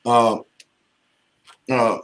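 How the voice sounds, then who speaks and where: At a community talk, a man tells jokey, profane stories full of restarts and asides, repeatedly calling his listeners family. His mid-range, slightly bright voice moves extremely slowly with little pitch movement.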